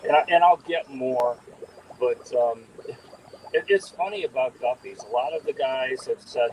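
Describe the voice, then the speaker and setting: A man's voice: medium pitch, unhurried, a little mellow, slight background noise, rough recording. A man breeding fish, chatting casually on a live video call as he tours his tanks, rambling with lots of ums and restarts. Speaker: fish breeder giving a tank tour. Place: indoor fish room among aquarium tanks. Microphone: camera mic on a live video call.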